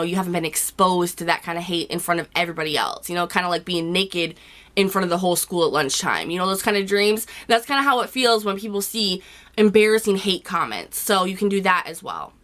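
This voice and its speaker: Hoarse woman vlogger giving blunt advice. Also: fairly low pitch, fairly quick, fairly bright tone. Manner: blunt, chatty, with frequent "you know" and casual swearing. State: hoarse from a cold. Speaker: YouTube vlogger. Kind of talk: casual advice chat to camera.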